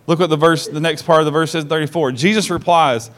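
Male pastor, a touch high-voiced, lively sermon delivery, quizzes the congregation. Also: quick pace, hardly any pauses. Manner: animated storyteller who acts out quoted lines; asks the congregation direct questions.

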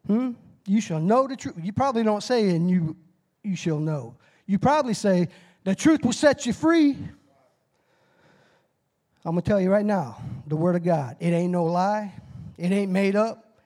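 Middle-aged lay preacher with a high, light voice. Folksy and fired up, calls for responses and whoops. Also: male voice, moderate pace. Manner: excitable, bursts into shouted whoops; folksy, self-deprecating about his nerves. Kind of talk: short timed sermon with call-and-response.

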